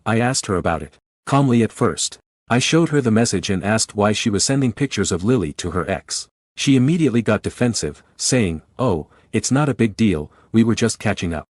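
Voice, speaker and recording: A man reading a first-person story aloud in an even, measured way. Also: on the low side, dry recording. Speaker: narrator.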